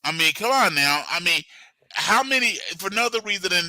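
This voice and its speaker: Man, middle-aged, very bright tone, dry close sound, jokey casual podcast chat. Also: high-pitched, animated, dry recording, poor audio. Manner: jokey, riffing, quick asides. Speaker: podcast co-host.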